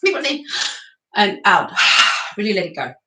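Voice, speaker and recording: A woman's voice: medium pitch, big pitch swings, fairly quick, pushed and bright, a little hiss or hum. A woman leading a guided singing and breathing class, chatty and encouraging, laughing between exercises. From England. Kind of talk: guided vocal exercise session. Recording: echoey room.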